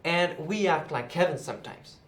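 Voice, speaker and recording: A man's voice: on the high side, animated, normal speed, fairly bright tone. A young man retelling a Bible parable in a chatty, casual way, seated indoors. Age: young adult. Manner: chatty, with many fillers like "you know" and "right". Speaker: youth Bible teacher, channel host. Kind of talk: casual Bible lesson to camera. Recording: roomy echo.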